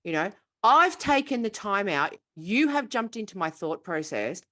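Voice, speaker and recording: A woman co-hosting a podcast, chatting casually and venting in an animated, exasperated way, swearing freely. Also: mid-range voice, normal speed. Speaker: podcast co-host. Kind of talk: casual chat.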